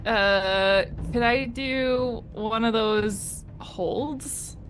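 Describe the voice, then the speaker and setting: A woman's voice: a little high, extremely slow. A woman playing a tabletop game, hesitant, with lots of ums and restarts. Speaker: player. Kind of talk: casual tabletop play.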